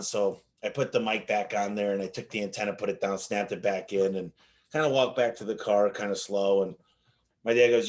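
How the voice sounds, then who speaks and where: A man telling animated stories as an interview guest, acting out the dialogue in his anecdotes with frequent restarts. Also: fairly low pitch, a little fast. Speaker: business owner guest. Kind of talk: casual interview storytelling.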